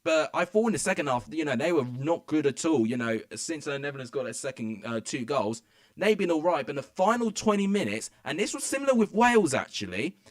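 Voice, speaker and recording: Excitable young man, breathless. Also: on the high side, brisk. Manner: excitable, rambling, many fillers. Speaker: streamer. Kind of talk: live football watchalong commentary. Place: home room.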